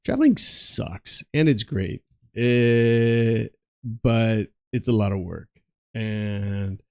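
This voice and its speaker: A man's voice: on the low side, animated, a little mellow, clean tone, no room sound. A tired man chatting casually and meandering while he plays an online game, with lots of fillers and restarts. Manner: slow, meandering, many fillers and restarts, mutters to himself. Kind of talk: casual rambling chat over gameplay.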